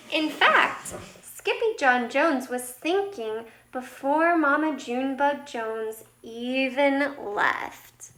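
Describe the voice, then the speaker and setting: A woman teacher reading a picture book aloud at storytime, expressive and talking to the listening children. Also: high voice, extremely slow, slight background noise.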